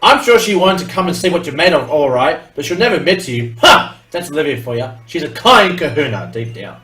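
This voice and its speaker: Casting: relaxed game professor, read by a man, easygoing, roomy sound. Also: fairly high pitch, brisk, distant mic, soft background music. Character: laid-back adult male professor.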